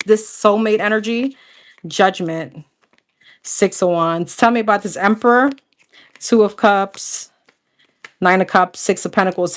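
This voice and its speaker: A young adult woman doing a casual tarot reading, calling out cards one after another and chatting with viewers, laughing often. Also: medium pitch. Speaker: tarot reader.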